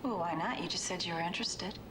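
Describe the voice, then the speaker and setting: A woman's voice: fairly low pitch, fast talker, background noise, lightly acted. An actress playing a pushy woman friend in a live-action game, speaking insistently.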